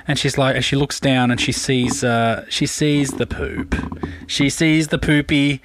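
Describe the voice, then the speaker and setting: A man's voice: mid-range voice, fairly even intonation, normal speed, a bit bright, no room sound. An Australian man hosting breakfast radio, telling a rambling story with fillers in a casual way. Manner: chatty, rambling anecdote with fillers.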